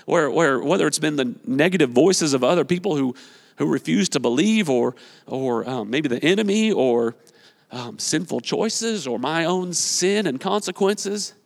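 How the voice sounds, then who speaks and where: A man's voice: a little high, moderate pace, gravelly. A male pastor preaching a sermon with energy, urging the congregation on and repeating his phrases. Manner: energetic, exhorting, repeats phrases, acts out quotes. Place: church sanctuary. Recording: long reverb of a large hall.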